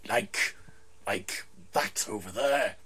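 A man's voice: on the low side, slow, pushed and bright, breathy edge, exaggerated voice. A man playing a crude, grasping male cave dweller who whines and demands, in improv comedy. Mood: whiny.

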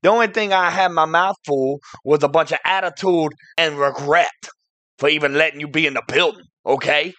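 A man playing a hot-tempered middle-aged comic host, who rants indignantly and yells in bursts. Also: a little high, fairly quick, no room sound.

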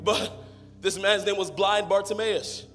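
A young adult man preaching an energetic sermon, rising to shouted, half-sung exhortation. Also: sits high, unhurried. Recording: music playing behind.

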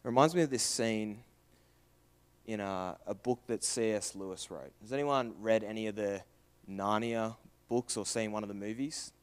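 A young man preaching a sermon, earnest and questioning, moving from raised emphasis to hushed, quiet passages. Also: on the low side, normal speed, clean tone.

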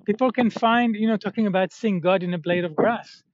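A man's voice: high voice, fairly quick, no room sound. Rambling man with a dull, dry sound. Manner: meandering, with many fillers and self-corrections. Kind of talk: rambling casual monologue.

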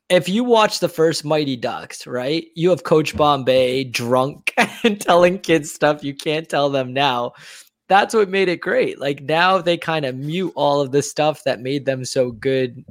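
A man's voice: mid-range voice, no room sound, studio quality. A young adult man in casual chat who talks at length and laughs often.

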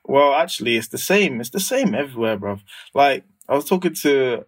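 A young man talks in relaxed podcast chat, loose and slang-heavy, often breaking into laughter. His voice sits at an ordinary middle pitch. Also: normal speed. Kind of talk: casual chat.

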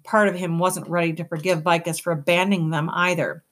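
A woman giving a measured, steady scripted narration of an audiobook. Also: lowish voice.

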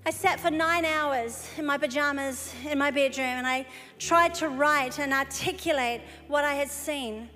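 A woman preacher telling a story in a sermon, animated and lively, breaking into excited exclamations. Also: sits high. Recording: live hall recording with long reverb.

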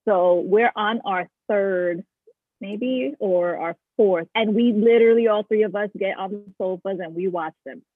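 A woman's voice: medium pitch, a little slow, slightly rough, dry recording, faint music behind. A middle-aged woman joining a podcast as guest, chatty and playful, laughing often, over a tinny phone-like call line. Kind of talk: casual chat.

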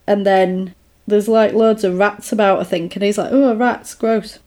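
A woman's voice: mid-range voice, little pitch movement, moderate pace, mellow. A woman casually retelling a film plot in a chatty podcast, with lots of fillers.

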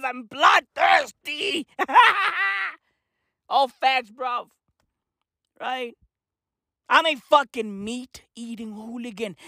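Guy from africa doing a sweary comedy rant, lots of slang, mocking, slow and drawn out, dry sound. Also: very high-pitched, fairly bright tone, no room sound. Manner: profane, slang-heavy, emphatic, mocking.

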